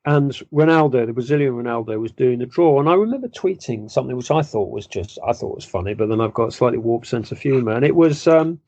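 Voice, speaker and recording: A man, a football journalist, giving measured, self-deprecating interview answers with frequent restarts. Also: medium pitch, animated, darkish tone, no room sound. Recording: dull lo-fi dry sound.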